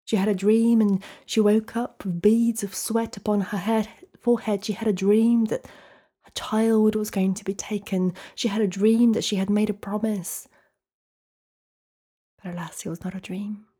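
A woman storyteller telling a folktale slowly and dramatically, often dropping to a hushed whisper. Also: mid-range voice, steady tone, breathy edge.

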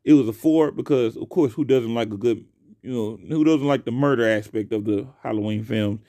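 A young man hosts his own podcast alone and talks casually into a close mic. He is profane and animated, swinging from loud bursts to low mutters. His mid-pitched voice has a gravelly fry, and the sound is dry with no room echo. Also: a little fast. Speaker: podcast host. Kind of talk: casual solo podcast rant.

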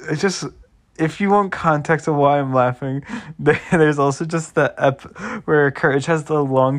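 A young man chatting casually to his viewers, swearing freely and repeatedly breaking into laughter. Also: medium pitch. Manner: giggly, keeps breaking into laughter. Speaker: vlogger. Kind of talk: casual rambling commentary.

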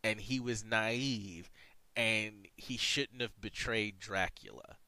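A man casually reviewing a cartoon episode, opinionated and animated as he makes his points. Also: on the low side, takes it slowly, dry recording. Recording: noisy background.

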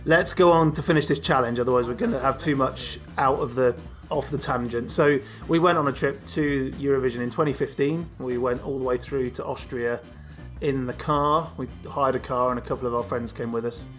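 A man's voice: medium pitch, fairly even intonation, a little fast, few pauses. British guy podcast host, rambly chatty storytelling, faint music under. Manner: chatty, laughs easily, rambling asides. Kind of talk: casual chat, storytelling.

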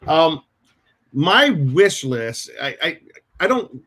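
This podcast host's voice is a little high, bright and forceful, slightly rough and very animated, though his pace is slow. He chats casually over a video call from a room with shelves, telling meandering stories full of restarts and self-interruptions.

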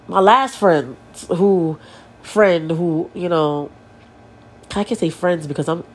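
Young woman, solo podcast host, stuffy nose; raw, swearing, confessional delivery with a lively, swinging pitch. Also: breathy edge. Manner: blunt, profane, emotional and confessional. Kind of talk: candid solo podcast monologue.

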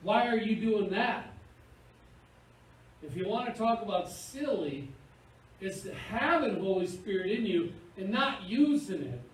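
A man preaching a sermon in an animated, playful way, acting out little scenes. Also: sits high, a little slow. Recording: echoey room, picked up from far off, faint hiss.

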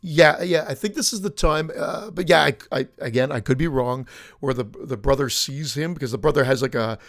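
A man's voice: mid-range voice, brisk, vocal fry, no echo, clean studio sound. A man co-hosting a podcast, chatting about a movie in a hesitant, stammering, amused way. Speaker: podcast co-host. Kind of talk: casual movie review chat.

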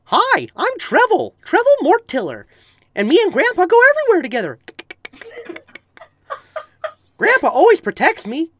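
A man voicing a cheerful ten-year-old boy necromancer in a very high voice. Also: huge pitch swings, a little slow, long pauses, a bit bright, no room sound, heavily acted.

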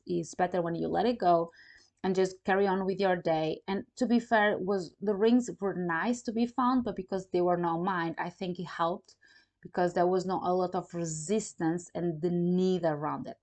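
Woman, low-ish voice, casual vlog storytelling, animated, non-native phrasing. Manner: animated, acts out quoted dialogue; non-native phrasing, fillers like "you know, like". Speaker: vlogger.

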